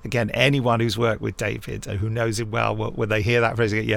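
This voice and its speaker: A man's voice: lowish voice, flat delivery, brisk, gravelly, hardly any pauses, dry recording. A man hosting a podcast and recalling directing, speaking hesitantly with many fillers and an amused tone. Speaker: podcast host and drama director. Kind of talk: casual anecdotal chat.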